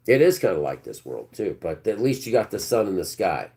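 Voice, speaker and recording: A man hosting a live stream, preaching and ranting, swinging between loud outbursts and low mutters. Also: big pitch swings, a little fast, creaky.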